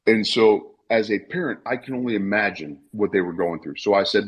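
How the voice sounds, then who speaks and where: A man's voice: lowish voice, fairly quick, husky, highs cut off. A man in his late thirties speaking on a live audio stream, telling a personal story bluntly, swearing and repeating himself. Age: 30s. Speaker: Twitter Spaces speaker. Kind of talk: emotional personal talk. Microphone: online voice call.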